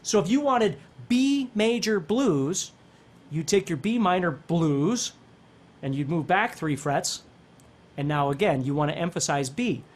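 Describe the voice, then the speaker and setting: A man teaches a casual guitar lesson at a measured pace, his fairly high voice animated as he explains each step. He checks in with the viewer using "okay?" and "right?", and guitar playing sounds behind him.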